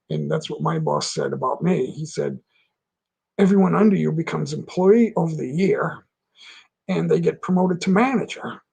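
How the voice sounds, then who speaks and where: High, gravelly-voiced man hosting a livestream. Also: a little mellow. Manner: rambling, with frequent restarts and laughter. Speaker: livestream host. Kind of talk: casual chat reading out viewer comments.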